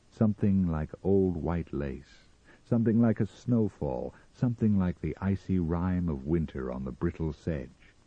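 A man narrating a story in a measured, expressive dramatic reading, on a slightly muffled recording. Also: sits low, breathy edge, no echo.

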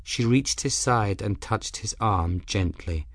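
A man's voice: fairly low pitch, takes it slowly. A man narrating a fantasy story as an audiobook reader.

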